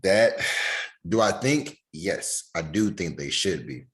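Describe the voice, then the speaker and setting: A man with a deep voice tells stories on a casual podcast, acting out what a friend said to him in easy quoted dialogue. His delivery is loose and chatty, with plenty of "she's like" and "I was like.". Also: animated, slow. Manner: storytelling, relays friends' words in quoted dialogue. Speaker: podcast co-host.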